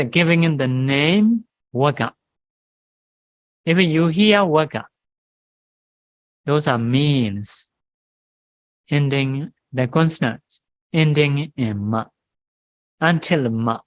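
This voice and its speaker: A man, a monk teaching Pali grammar in halting English, reciting syllables and pausing often. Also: medium pitch, dry recording, low-quality recording. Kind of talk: grammar lesson. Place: meditation centre classroom.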